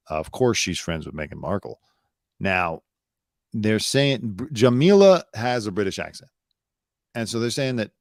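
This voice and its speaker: Blunt low-voiced man ranting live. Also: vocal fry, dry recording, studio quality. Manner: blunt, sarcastic, swears freely. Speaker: host. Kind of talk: casual live commentary.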